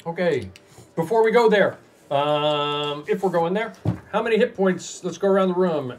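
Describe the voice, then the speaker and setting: A man's voice: high voice, moderate pace, a little hiss or hum. A man narrating as game master for a tabletop game, describing scenes and calling on players in turn.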